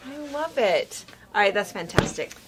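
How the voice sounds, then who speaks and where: A woman's voice: medium pitch, big pitch swings, moderate pace, noisy background. A woman co-hosting a quilt shop video, chatting casually and laughing often while unboxing fabric.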